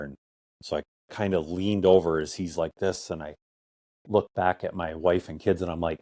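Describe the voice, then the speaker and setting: A man's voice: sits low, steady tone, moderate pace, dark tone, no echo, clean studio sound. A middle-aged man hosting a podcast, telling a personal story in a casual, rambling way full of "I'm like" and "or whatever". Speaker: podcast host.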